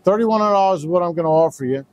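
A man's voice: sits high, rapid-fire, a little mellow, dry recording, lightly acted. A man retelling the words of a pushy, wheedling older male buyer while telling a story.

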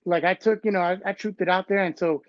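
A man guest recounting old stories in a casual, animated way, acting out what others said. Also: high-pitched, quick pace, no room sound. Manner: animated, acts out quotes from others. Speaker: interview guest, b-boy. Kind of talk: casual storytelling. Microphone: phone or call audio. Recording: dull, dry call audio.

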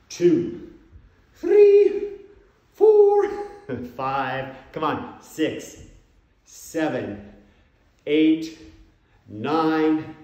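A fitness coach with a slightly high, a little mellow voice leads a home workout, counting out reps and encouraging the listener. The mic is far off in a very echoey room.

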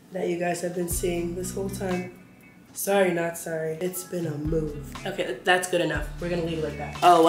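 A woman's voice: fairly low pitch, roomy sound. A young woman in her twenties chatting casually to viewers while unpacking and tidying her new apartment. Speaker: vlogger. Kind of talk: casual vlog narration. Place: apartment kitchen, indoors.

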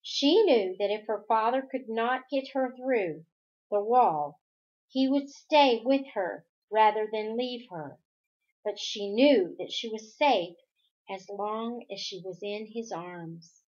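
A woman reading a novel aloud in an unhurried manner, stumbling over a word now and then. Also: on the high side, expressive, a little mellow. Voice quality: unhurried, with occasional restarts. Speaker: reader. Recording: dull lo-fi home recording.

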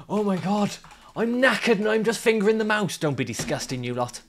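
A man's voice: sits high, sing-song, brisk, slight background noise. Swearing man ranting at a game. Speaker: streamer. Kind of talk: live gameplay commentary.

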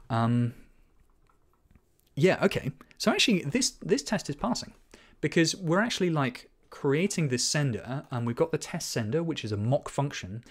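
A man giving live-coding commentary, thinking aloud as he programs, reading code out and correcting himself as he goes. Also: medium pitch. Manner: quick self-corrections and asides. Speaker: programming teacher.

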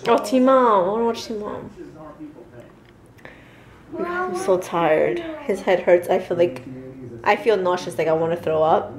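A woman's voice: mid-range voice, animated, measured pace, pauses often, crowd noise. A young woman talking casually to a handheld camera for her daily vlog, chatty and laughing often. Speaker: vlogger.

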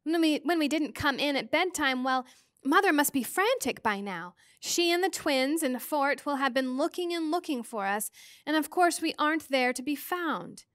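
An anxious, earnest teenage girl, as a woman reads her aloud, pleading in a raised, high voice. The storybook reading sounds dry and close. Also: animated, moderate pace, fairly bright tone, dry recording. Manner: worried, pleading.

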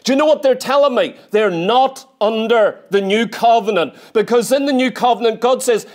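A man preaches a sermon in a church, his voice high for a man. He drives his points home emphatically, with repeated rhetorical questions and insistent repetition. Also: normal speed, few pauses, a little mellow.

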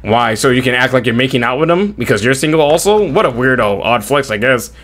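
A man streaming an online shooter, trolling players in voice chat with mock-prim, deadpan scolding and bursts of loud mockery. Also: mid-range voice, brisk, noisy background.

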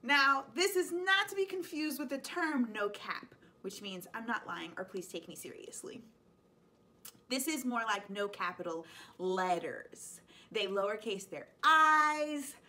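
A woman in her thirties, a high school teacher hosting a casual explainer vlog, chatty and playful, laughing often. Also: expressive, unhurried, sharp tone.

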